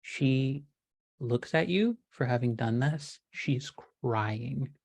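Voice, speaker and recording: A woman narrates a tabletop role-playing game as its game master. She describes each scene in a measured, descriptive way. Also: rumbling low, darkish tone.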